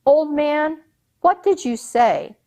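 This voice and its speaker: Brief: bossy folk-tale soldiers, loud and raised, voiced by a woman. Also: high-pitched, lively intonation, slow, voice pushed up, heavily acted. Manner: loud, brusque, commanding. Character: bossy soldiers and their captain.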